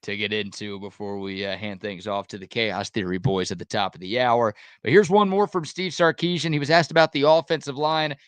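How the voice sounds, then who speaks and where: A man's voice: on the low side, fairly quick, few pauses, clean tone, no room sound. A man hosting a sports radio show, teasing his co-host dryly and leading into segments. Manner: dry teasing, steers the segments. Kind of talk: casual chat and show hosting.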